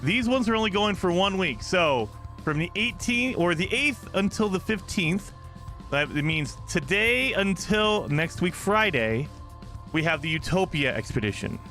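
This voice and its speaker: Tired but hyped gamer dude rambling to his chat, bright forceful voice, a lil music in the back. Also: high-pitched, unhurried. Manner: excitable, rambling, talks to chat. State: exhausted from little sleep. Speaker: gaming streamer. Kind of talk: casual live stream chat.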